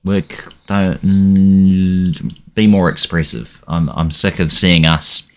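Low-voiced man ranting over a game. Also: a little slow, soft background music. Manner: frustrated, swearing, shouting at his players. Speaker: gaming channel host. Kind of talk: let's-play commentary.

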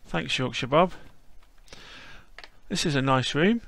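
A man's voice: a little high, unhurried, creaky, pauses often, a bit bright, no room sound. A man narrating a casual walkthrough as host, chatty and whimsical.

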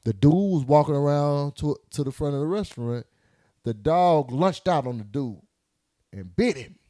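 A man telling a story on a casual podcast, loud and animated, with plenty of cursing. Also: fairly high pitch, moderate pace. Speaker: podcast host.

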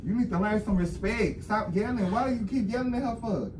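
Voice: mid-range voice, brisk. An adult sibling scolding and threatening in a family argument. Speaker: sibling defending the mother. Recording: echoey, distant, noisy home recording.

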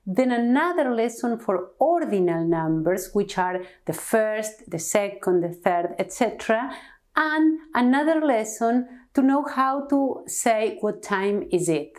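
A woman from Argentina with an Argentine Spanish accent, teaching an online Spanish lesson with slow, careful enunciation. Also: on the high side, expressive, a little mellow.

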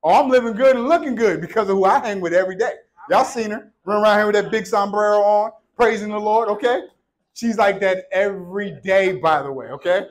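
High-voiced playful preacher man. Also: a little fast. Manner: playful, conversational preaching with call-and-response. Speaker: pastor. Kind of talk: sermon. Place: church sanctuary. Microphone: handheld or worn microphone.

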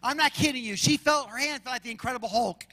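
A man's voice: extremely high pitch, fast talker, sharp tone, long reverb tail, rough recording. A male pastor preaching a sermon, emphatic, and slipping into chatty storytelling. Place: large church sanctuary.

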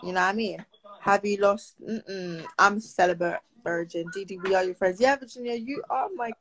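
A woman's voice: medium pitch, moderate pace, fairly bright tone, low-quality recording. Chatty teenage girl streaming live. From Britain. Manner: chatty, answers viewer comments aloud. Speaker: live streamer reading comments. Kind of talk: casual live stream chat.

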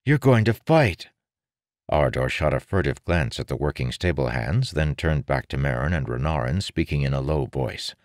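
A man with a very low, deep voice narrating a novel in a measured, even storytelling manner. The recording is dry and close, with no room sound. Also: no echo. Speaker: audiobook narrator. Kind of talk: scripted narration.

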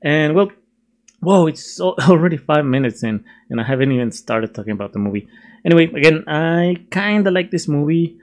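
A man's voice: fairly high pitch, animated, fairly quick. A young man casually reviewing a film while sketching at his desk, chatty and self-mocking, laughing often. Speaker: video reviewer.

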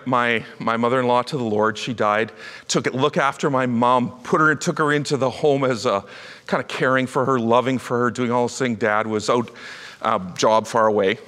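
In a reverberant church hall, a middle-aged pastor preaches a sermon, animatedly telling stories and acting out the voices of the people in them. His voice is medium in pitch with a sharp tone.

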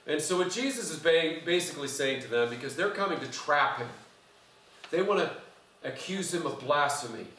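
Echoey preacher speaking from afar. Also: male voice, fairly high pitch, expressive, normal speed, a bit bright, a little hiss or hum. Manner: conversational preaching, quizzes the congregation. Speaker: pastor. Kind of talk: sermon. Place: church sanctuary. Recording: echoey church from far off.

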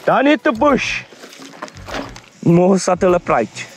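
A man hosting a mountain bike video, giving excitable running commentary as he rides outdoor trails. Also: sits high, slow pace, slight background noise. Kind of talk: casual banter while riding.

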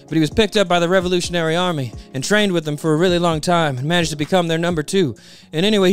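Frantic, breathless male sidekick, higher and louder than usual, rambling news in a rush, for a comedy cartoon parody, as a man puts him on. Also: smooth, close to an everyday voice.

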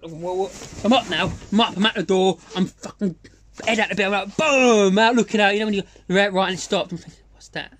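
A high-pitched man, middle-aged, spins a rambling fishing yarn in loose casual chat. He gets excitable, swears freely, stumbles through restarts and throws in sound effects as he goes. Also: fast, slight background noise. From England. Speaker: angler telling a fishing story. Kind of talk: casual storytelling monologue.

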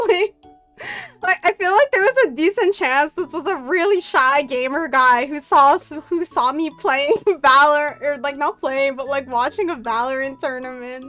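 A young woman with a high voice chats casually on her stream, spilling a story full of fillers and quick laughs. Faint music plays behind her. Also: a bit bright. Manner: chatty storytelling, many fillers, frequent laughing. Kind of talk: casual chat.

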